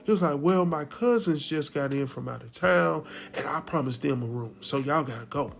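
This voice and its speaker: A man's voice: a little high, normal speed, vocal fry, faint music behind. A man casually retelling a TV episode, slipping into the characters' lines as he goes. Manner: laid-back storytelling, acts out characters' lines. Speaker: recap host.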